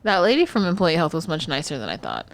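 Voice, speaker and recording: A woman's voice: sits low, fast, no room sound. A young woman co-hosting a podcast, telling work stories in casual chat, swearing freely and acting out the dialogue. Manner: animated storytelling, profane, acts out dialogue. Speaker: podcast co-host.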